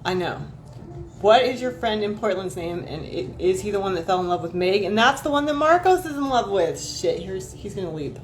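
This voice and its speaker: A woman's voice: mid-range voice, animated, normal speed. A woman chatting casually with her viewers on a livestream, rambling and swearing freely as she gossips and answers the chat. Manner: reacts to chat messages. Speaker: livestream host.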